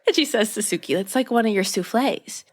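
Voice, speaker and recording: Speaking fairly quickly at a medium pitch, a woman co-hosts a podcast and recaps a TV episode conversationally. She brings energy, acting out the characters' dialogue amid laughter.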